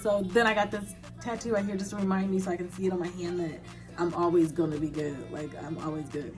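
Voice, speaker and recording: A young woman vlogger answering viewer questions in a candid, casual chat, laughing often and dropping in quick asides. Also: on the low side, steady tone, soft background music.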